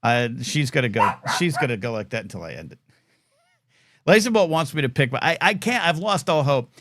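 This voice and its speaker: A man's voice: medium pitch, animated, brisk, heavy background noise. Tired, rambling male live-show host. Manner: distracted, self-deprecating, talking to his dog mid-show. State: low energy, tired. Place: apartment at home. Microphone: desk microphone.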